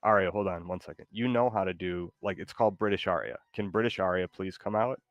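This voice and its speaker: Rambling, deep-voiced male streamer. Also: brisk, no room sound, muffled recording. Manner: loose, excitable, rambling, lots of fillers. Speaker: gaming streamer. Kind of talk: casual live commentary while playing.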